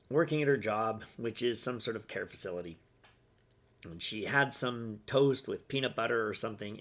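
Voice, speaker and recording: A man giving blunt, opinionated casual commentary on news stories, with mild profanity. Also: mid-range voice.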